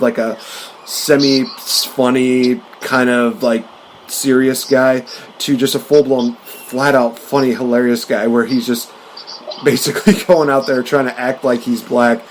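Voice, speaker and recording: Regular-pitched guy rambling on a podcast, lots of uhs and laughs, faint hiss behind. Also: steady tone, normal speed. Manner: rambling, laughing, full of fillers. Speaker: podcast host. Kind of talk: casual chat about movies.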